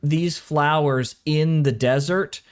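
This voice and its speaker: A man's voice: fairly high pitch, takes it slowly, clean tone. Laid-back man chatting on a stream. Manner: laid-back, swears casually, loose rambling speech. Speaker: co-host of an anime reaction stream. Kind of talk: casual chat. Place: home recording room.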